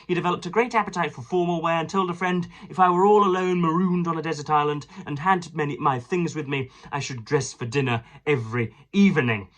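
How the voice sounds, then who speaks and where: A man's voice: on the high side, a little fast, hardly any pauses, a bit bright. Hesitant man reading aloud. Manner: hesitant, many fillers and restarts. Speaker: book reviewer. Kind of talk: casual chat and reading aloud from a book.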